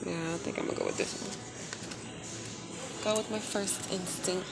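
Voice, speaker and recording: A chatty, excitable woman talks to her phone while she shops, thinking out loud in a slightly low voice. Store music plays clearly behind her in a large indoor shop. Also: moderate pace. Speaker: vlogger. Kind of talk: casual shopping vlog. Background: store music playing.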